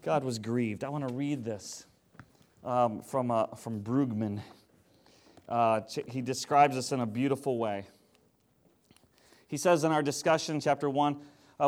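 A man's voice: mid-range voice, a little slow, pauses often, a little mellow. A man preaching a sermon in a conversational style that rises to emphatic declarations. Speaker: pastor.

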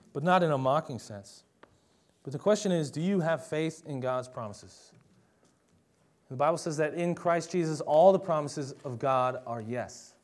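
A young adult man preaching a sermon in a conversational, emphatic way, often asking the listeners rhetorical questions. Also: mid-range voice.

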